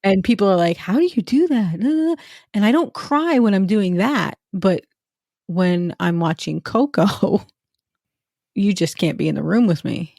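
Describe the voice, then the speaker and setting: A woman co-hosting a podcast in casual chat, telling animated stories and laughing often. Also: medium pitch, unhurried, gravelly, no echo, studio quality. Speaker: podcast co-host.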